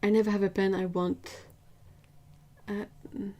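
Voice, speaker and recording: A woman hosting an art livestream, chatting casually with viewers, emphatic and lively. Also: mid-range voice, measured pace. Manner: chatty, answers viewers' chat.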